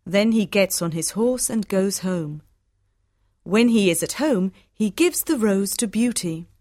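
A woman narrates a storybook in a clear, measured way. Her pace is slow and her pitch sits in the middle. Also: expressive, darkish tone, no echo, clean studio sound.

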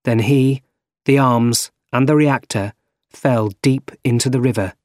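A man narrating a storybook in a plain, even reading voice. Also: medium pitch, a little slow, no echo, studio quality.

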